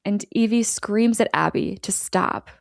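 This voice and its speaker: A woman's voice: mid-range voice, a little slow, vocal fry, no echo. Podcast host, woman, chatty recap voice, dry studio mic. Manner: acts out quoted lines, laughs often. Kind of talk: casual storytelling recap.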